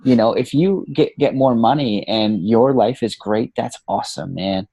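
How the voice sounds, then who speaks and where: A man with a mellow, warm voice talks in a relaxed interview. He is animated and casual, tossing in swear words and "you know" all through. The sound is close and dry. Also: medium pitch, normal speed, creaky, husky, no echo. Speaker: podcast guest, coach.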